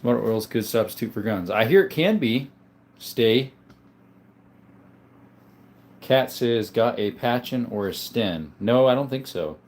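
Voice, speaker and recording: This Arizona man hosts a livestream, his medium-pitched, darkish voice animated yet unhurried, with long pauses. He casually reads out viewer comments and answers each question in turn in a relaxed way.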